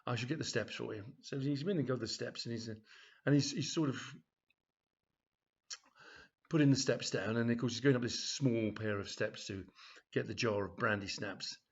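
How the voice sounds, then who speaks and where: A man's voice: mid-range voice, fairly quick, slightly rough. Rambling man telling a comic tale. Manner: rambling, with frequent fillers and "of course". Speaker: author reading his own comedy story. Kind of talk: storytelling, loose and conversational. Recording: dull lo-fi recording.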